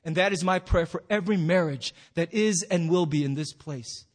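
A man's voice: on the high side, normal speed, hardly any pauses. A man preaching as a pastor in a church hall, telling a story with playful acted-out quotes. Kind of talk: sermon.

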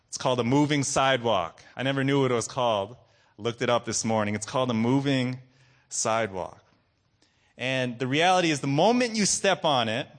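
Young male preacher, sermon delivery, call-and-response, emphatic swells and hushed drops, mid-pitched voice.

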